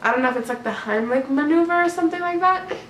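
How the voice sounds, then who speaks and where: A young woman with a fairly high voice talks casually to her camera, rambling through a story and padding it with "like" after "like". The room is echoey, with a faint hum of noise behind her. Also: fast talker, a bit bright. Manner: chatty, rambling, many "like" fillers. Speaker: vlogger. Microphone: camera mic.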